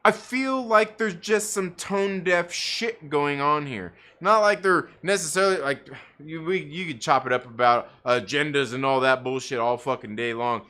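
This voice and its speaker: A man's voice: fairly high pitch, bright, forceful tone. A man ranting in casual livestream commentary, profane and rambling, full of fillers and restarts. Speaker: livestream co-host; parent.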